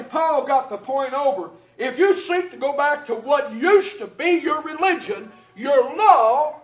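Male preacher, high voice, fiery sermon delivery, roomy hall sound. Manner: preaches with rising shouts and quick asides to the congregation. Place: church hall. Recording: echoey hall, mic at a distance.

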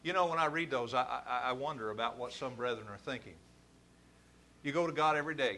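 A man preaching a sermon, building to forceful, emphatic stresses. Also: medium pitch, a little fast.

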